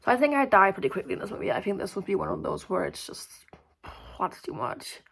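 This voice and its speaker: A young woman vlogging in a rambling, casual way, full of fillers and swearing, swinging between loud outbursts and mumbled asides. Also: medium pitch, sing-song, fast, creaky, husky. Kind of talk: casual chat to camera.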